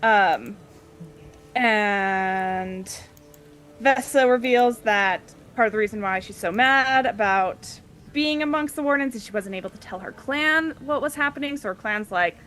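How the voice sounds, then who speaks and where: A woman's voice: medium pitch, unhurried, a bit bright, faint music behind. A woman casually recapping a tabletop game session, chatty and giggly, briefly acting out the party members' lines. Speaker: player recapping the previous session.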